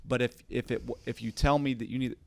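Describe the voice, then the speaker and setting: A man's voice: medium pitch, steady tone, quick pace, vocal fry. A man who coaches jiu-jitsu and hosts a podcast, explaining his teaching in casual chat and often repeating words as he thinks.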